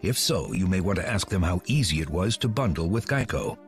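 Deep male ad read, deadpan with lots of lilt, faint music under it. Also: fairly quick. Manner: deadpan, mock-conspiratorial. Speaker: ad announcer. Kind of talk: scripted comic ad read.

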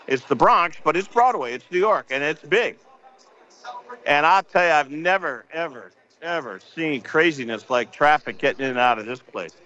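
A man's voice: fairly high pitch, expressive, normal speed, bright, forceful tone. An older man hosting a late-night sports radio show, rambling casually with lots of fillers and repeats. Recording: slightly dull broadcast audio.

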